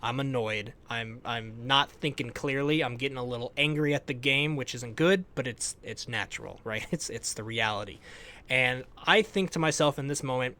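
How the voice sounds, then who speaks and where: Young male gamer, casual animated recap voice, middle pitch, phrases trailing off. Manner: animated storytelling, laughs often, trailing off quieter at ends of phrases. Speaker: gaming YouTuber.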